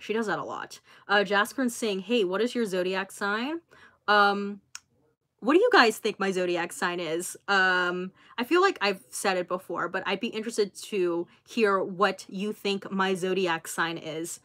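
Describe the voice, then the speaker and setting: A young woman in her twenties hosts a casual livestream, talking freely and reading out comments from viewers. She is chatty and expressive, with plenty of filler words between thoughts. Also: mid-range voice, unhurried. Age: 20s. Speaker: YouTuber hosting a livestream.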